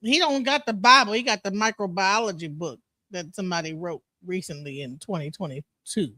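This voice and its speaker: A woman's voice: on the low side, fairly quick, pushed and bright, no room sound, studio quality. A woman on an online panel call who talks bluntly and mocks the others, with frequent swearing. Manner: mocking, blunt, profane. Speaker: panel participant. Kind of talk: heated online panel debate.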